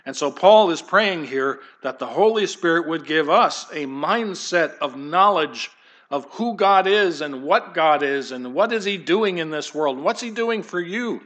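A male pastor delivers a sermon in church with a slightly higher-than-average voice. His preaching is conversational and digressive, turning aside to chat with the congregation and even the children. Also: measured pace. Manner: conversational, digressive, addresses kids and congregation directly.

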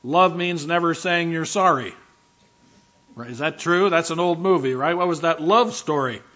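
A man's voice: fairly high pitch, moderate pace, fairly bright tone, dull audio. Man preaching a conversational sermon. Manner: conversational teaching with rhetorical questions. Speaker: pastor.

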